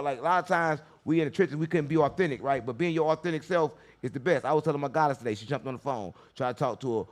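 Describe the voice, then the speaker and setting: A man hosting a casual podcast, brash and profane, preaching life advice in a loose, rambling way. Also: medium pitch. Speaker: podcast host.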